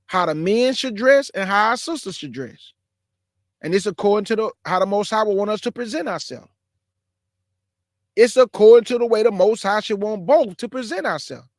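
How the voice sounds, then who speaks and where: Calling into an online religious discussion, a man in his forties preaches in a casual, emphatic way and addresses listeners as bro and y'all. His voice is high-pitched, and the studio-quality recording has no room sound.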